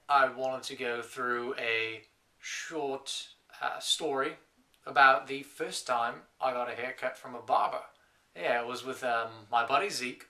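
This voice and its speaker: A man's voice: mid-range voice, pushed and bright. A young man playing a lonely last man on earth, telling wry rambling stories to camera in a scripted comedy monologue.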